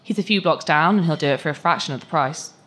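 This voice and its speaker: A woman's voice: low-pitched, fast, fairly bright tone. A woman reading aloud, voicing a blunt, skeptical young man.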